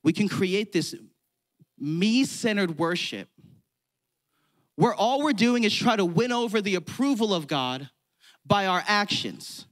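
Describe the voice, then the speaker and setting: A man's voice: high voice, expressive, measured pace, long pauses, a bit bright. A man preaching a sermon to a church congregation, conversational and playful, acting out mock prayers. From California. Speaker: pastor.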